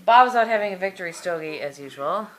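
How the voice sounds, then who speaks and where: A chatty woman vlogging from home in her kitchen speaks with a lowish, expressive voice at a brisk clip. She rambles casually, adding self-deprecating remarks, and the handheld compact camera gives the audio a noisy home feel.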